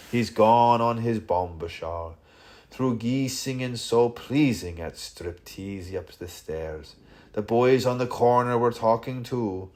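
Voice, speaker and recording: A man reading a literary audiobook aloud, lingering slowly over dense, playful wordplay. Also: fairly low pitch, a little mellow. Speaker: audiobook reader.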